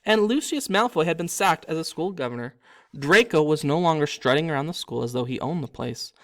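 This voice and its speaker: A man reading his own storybook aloud, animated, with occasional slips and self-corrections. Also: on the high side, fairly quick. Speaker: narrator and author.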